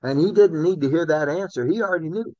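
A man's voice: a little high, fast talker, a little mellow, no room sound. Man, preacher, chatty sermon, muffled dry recording. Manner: conversational, addresses listeners by name. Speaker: pastor.

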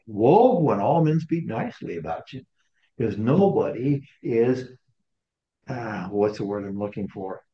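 A man's voice: mid-range voice, expressive, a little slow, mellow, dull audio. Man teaching a casual Bible study. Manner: conversational, repeats and restarts words. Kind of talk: casual teaching to a small group.

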